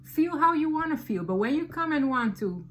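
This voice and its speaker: A woman gives a casual tarot reading in a voice pitched a little high. She talks in an animated, slangy way and leans hard on her points. A faint hiss of background noise sits under her voice. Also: moderate pace. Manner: animated, slangy, emphatic storytelling. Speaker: tarot reader.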